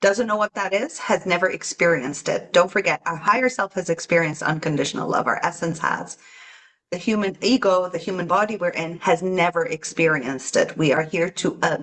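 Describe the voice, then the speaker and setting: A woman's voice: on the low side, moderate pace, a bit bright. A woman talking earnestly about self-love on a podcast, acting out her inner voices with gasps. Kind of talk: casual podcast chat.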